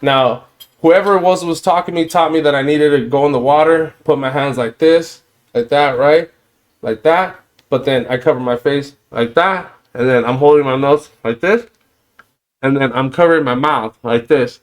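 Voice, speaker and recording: Male podcast host, mid pitch, casual, rambling delivery. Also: moderate pace. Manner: rambling, loose, often asks "you know what I mean".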